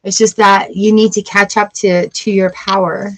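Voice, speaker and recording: A woman giving a casual tarot reading, chatty and encouraging, with lively outbursts. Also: mid-range voice, normal speed, low-quality recording. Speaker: tarot reader.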